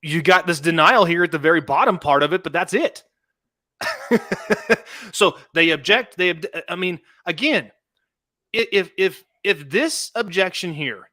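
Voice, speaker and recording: A man hosting a casual podcast talk about a legal case, animated and laughing often, with many restarts. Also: on the high side, no room sound, clean studio sound. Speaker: podcast host.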